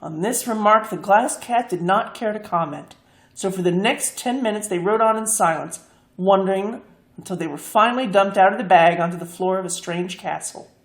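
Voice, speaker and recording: A woman reading a fantasy story aloud, expressive and lively. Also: medium pitch, moderate pace. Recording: echoey room.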